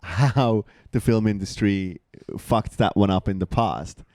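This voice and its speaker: A man co-hosting a casual comedy podcast, telling profane stories with animated energy. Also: fairly low pitch, a little slow, no echo, studio quality. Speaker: podcast co-host. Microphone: studio podcast mic.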